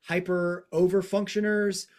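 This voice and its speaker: Male podcast host: a slightly higher voice, reflective and relaxed, with casual fillers as he talks it through. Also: unhurried.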